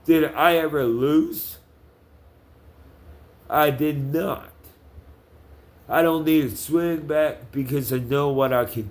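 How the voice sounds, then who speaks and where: Slow-talking angry man, swearing. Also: medium pitch. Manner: profane, confrontational, halting with restarts. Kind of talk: angry personal monologue.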